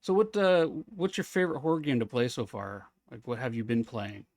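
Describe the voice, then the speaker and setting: A man's voice: medium pitch, very animated, fairly quick, darkish tone, dry recording. Chatty male game streamer. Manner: chatty and friendly, thinks aloud, greets chat. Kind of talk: live gameplay commentary, chatting with viewers.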